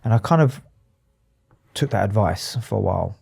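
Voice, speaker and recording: Man, psychotherapist guest; candid, emotional, restarts a lot; mellow, dark voice. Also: lowish voice, animated, gravelly, breathy edge. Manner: earnest, emotional, halting with restarts. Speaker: psychotherapist and addiction specialist, guest. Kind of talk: candid interview talk.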